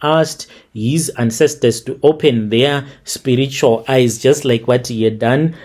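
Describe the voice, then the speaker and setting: A man reading a first-person story aloud as scripted narration, in a steady, plain reading manner. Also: mid-range voice, unhurried.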